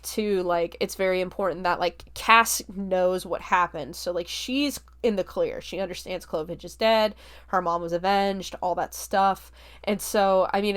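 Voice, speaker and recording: A young woman podcast host casually recapping and reviewing a film, chatty and full of filler words, swearing now and then. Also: medium pitch. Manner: chatty, heavy use of "like", relaxed swearing.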